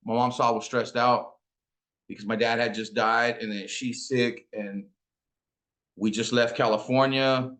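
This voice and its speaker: A man in his forties telling a personal story about his late mother, slow and emotional, with some street slang. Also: medium pitch, little pitch movement, a bit bright. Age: 40s. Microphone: interview.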